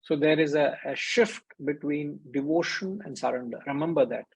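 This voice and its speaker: A man's voice: on the high side, moderate pace, gravelly, slightly rough, poor audio. A man giving a conversational spiritual discourse as a teacher, briefly acting out the voices in his stories. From India.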